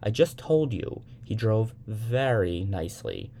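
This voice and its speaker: A man voicing a cool, unbothered young woman on the phone, calm and faintly weary. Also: fairly low pitch, measured pace, slight background noise.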